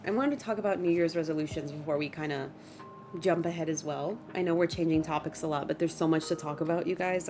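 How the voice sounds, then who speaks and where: A young woman with a fairly low voice chats casually to her stream, expressive and self-mocking, slipping Spanish phrases in between her English. Soft music plays faintly behind her. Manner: self-mocking, dramatic complaints. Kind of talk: casual livestream chat with viewers. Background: faint background music.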